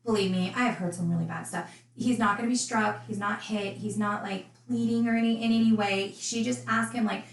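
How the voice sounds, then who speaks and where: A woman's voice: medium pitch, steady tone, brisk, gravelly. Chatty woman in an echoey room. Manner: chatty, indignant asides. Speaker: true crime YouTuber. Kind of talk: casual true crime commentary.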